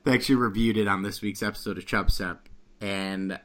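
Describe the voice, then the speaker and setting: A man's voice: on the low side, fairly even intonation, a little fast. A man co-hosting a podcast, chatting in a laid-back, matter-of-fact way. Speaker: podcast co-host. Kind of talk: casual chat.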